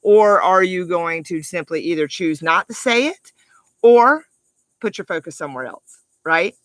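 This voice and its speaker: A middle-aged woman life coach giving an upbeat, animated motivational talk to the camera, with emphatic delivery and frequent laughs. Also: fairly low pitch, unhurried, no room sound.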